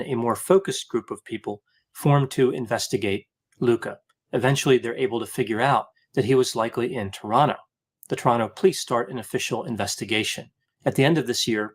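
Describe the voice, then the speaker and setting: A man giving scripted documentary narration in a steady, even delivery. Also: mid-range voice.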